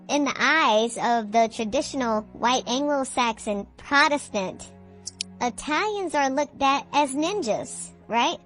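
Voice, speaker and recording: A woman gives casual reaction commentary in a slightly high voice. She keeps it conversational and tags "right?" onto her points. Faint music plays under her. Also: low-quality recording.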